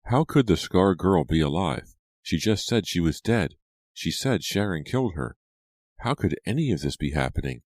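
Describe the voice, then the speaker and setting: A man reads horror narration in a steady, dramatic way. His voice sits extremely low. The recording is dry and close, with no room sound. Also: moderate pace, no room sound. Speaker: audiobook narrator.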